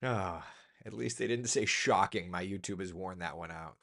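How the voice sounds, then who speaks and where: At a normal speed, a man with vocal fry and a slightly bright tone hosts a casual live chat as a meteorologist. He reads viewer comments and offers his opinions, his pitch jumping sharply upward whenever he makes a point.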